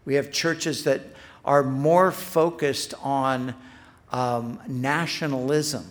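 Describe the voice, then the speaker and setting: A man's voice: mid-range voice, steady tone, slow pace. A middle-aged man preaching a sermon as pastor. He speaks earnestly, building emphasis on repeated phrases, and restarts his sentences when he speaks off the cuff.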